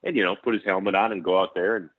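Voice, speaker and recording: A man from Saint Paul, Minnesota, a former football center, telling animated stories with laughs and restarts. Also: deep voice, rapid-fire, no room sound. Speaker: former NFL center, guest. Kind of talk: casual storytelling. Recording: tinny phone-like line, dry.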